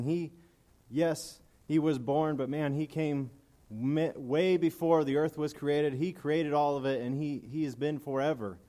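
A man's voice: on the high side, steady tone, measured pace, few pauses, mellow. A man preaching a casual, earnest and emotional sermon, reading scripture aloud and commenting between passages.

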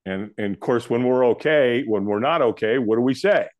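An older man from California, a podcast guest telling a personal story in a lively way, acting out the other people's lines. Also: medium pitch, moderate pace, lo-fi sound. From California, USA. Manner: animated storyteller who acts out the quoted voices. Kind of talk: storytelling in an interview.

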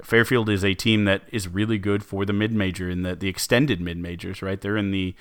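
A man's voice: low-pitched, little pitch movement, a little fast, fairly bright tone, clear, resonant tone, no echo, studio quality. A man co-hosting a sports podcast, talking casually with many fillers and restarts. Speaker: podcast co-host.

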